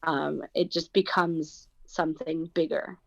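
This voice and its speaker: American actress guest, low-pitched, reflective, dull remote line. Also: female voice, fairly even intonation, measured pace, vocal fry, dry recording. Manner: thoughtful, searching for words. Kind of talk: casual interview talk.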